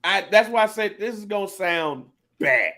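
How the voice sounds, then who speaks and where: Dude with a super high voice ranting on a podcast, loud and emphatic, lots of swearing. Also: male voice, moderate pace. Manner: animated, emphatic, profane. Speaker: podcast co-host. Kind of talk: casual podcast chat.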